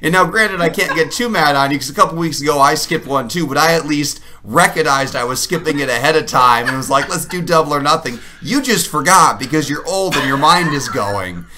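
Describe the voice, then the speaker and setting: A man's voice: a little high, expressive, brisk, hardly any pauses, crowd noise. A man co-hosting a podcast, ribbing his partner in dry, teasing banter. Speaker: podcast co-host. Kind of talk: casual comedic podcast banter.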